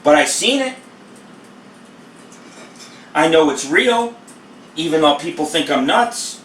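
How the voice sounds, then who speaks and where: A man's voice: fairly high pitch, expressive, slow pace, fairly bright tone. A male cooking show host who rambles and swears freely as he tells a story while he cooks. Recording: echoey room, voice a bit far from the mic, faint noise.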